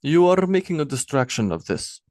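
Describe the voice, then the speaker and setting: A man putting on a sharp-tongued jealous queen. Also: a little high, big pitch swings, moderate pace, no room sound, studio quality, pitched above the performer's own voice. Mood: reproachful. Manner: reproachful, pointed questions.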